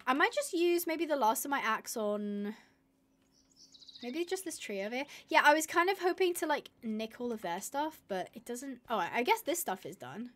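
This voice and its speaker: Lively woman streaming a game. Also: a little high. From United Kingdom. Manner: chatty, rambling, reads viewer comments aloud. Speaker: live streamer. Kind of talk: casual live-stream game commentary.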